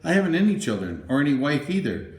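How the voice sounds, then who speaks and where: A jolly, very big and strong bachelor, as a male narrator reads him in a storybook. He talks in a hearty, booming way, a little above the narrator's own pitch, and the recording has a roomy echo. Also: big pitch swings, quick pace, a little mellow. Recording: roomy, echoey room.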